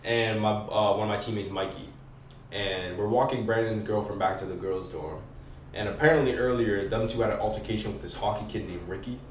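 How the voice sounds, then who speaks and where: A man's voice: lowish voice, a little fast, a little hiss or hum. A young man telling a story as a podcast guest in casual, slangy, profane talk. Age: young adult. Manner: slangy, profane, animated retelling. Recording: roomy echo, distant mic, faint background.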